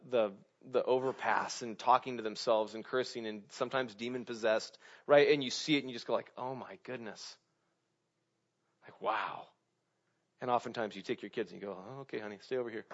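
A man delivers a sermon in a casual, conversational voice of ordinary pitch, dropping frequent "right?" checks to his listeners. He swings between loud emphatic bursts and quiet asides. The recording is dull and somewhat lo-fi. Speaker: pastor.

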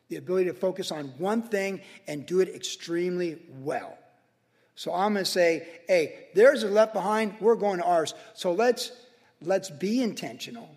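High-voiced man preaching in reverberant church. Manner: energetic, casual preaching with slang. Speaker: pastor. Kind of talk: sermon. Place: church sanctuary with congregation.

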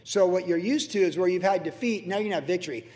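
Excitable high-voiced male preacher. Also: fast talker. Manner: energetic, excitable, chatty asides. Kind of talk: sermon. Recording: long hall reverb.

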